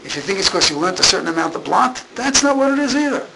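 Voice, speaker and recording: A man's voice: sits high, very animated, quick pace, vocal fry, sharp tone, a little hiss or hum, poor audio. A man giving an informal Torah class, repeating and restating his points with emphasis. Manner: repetitive, emphatic, restarts phrases. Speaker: Torah teacher.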